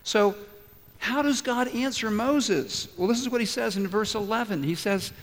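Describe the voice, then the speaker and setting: A man preaching a sermon in a high, bright voice, animated as he acts out each exchange of the story. His words ring through a large church hall with a long, trailing reverb. He speaks as the congregation's pastor. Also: a little fast. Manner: animated storytelling, acting out dialogue.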